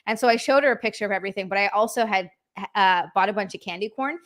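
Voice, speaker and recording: A woman's voice: medium pitch, fast, fairly bright tone. A woman co-hosting a casual stream chat, telling stories and laughing often. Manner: chatty storyteller, laughs often.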